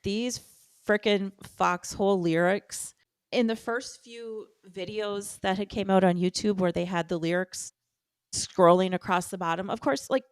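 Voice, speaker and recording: An American woman co-hosting a fan podcast, telling stories in an animated, laughing casual chat. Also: on the low side, smooth, dry recording. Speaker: podcast co-host.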